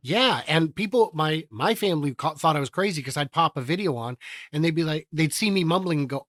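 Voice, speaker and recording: Casual, self-deprecating male host; higher voice, dry close sound. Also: animated, a little fast, fairly bright tone, no room sound. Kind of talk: casual chat.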